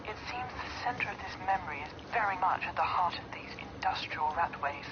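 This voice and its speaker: Game caseworker, measured briefing voice, played by an actor; muffled, noisy capture. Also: mid-range voice, animated, natural voice. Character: researcher briefing an agent over comms. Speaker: in-game caseworker giving instructions. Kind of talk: scripted video game dialogue. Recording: dull game audio under noisy stream.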